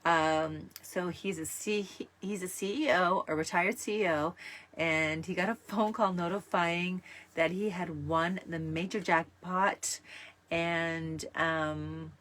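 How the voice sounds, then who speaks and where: A woman's voice: fairly low pitch, steady tone, slow, a bit bright. A woman raised in Canada hosting a talk show, talking in a chatty, rambling way with frequent fillers. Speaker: host. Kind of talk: casual talk show monologue.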